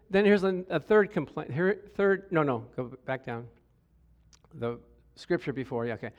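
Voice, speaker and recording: Preacher, male, high-pitched, animated sermon delivery with comic voiced asides. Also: normal speed. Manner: animated, acts out quoted voices with humor.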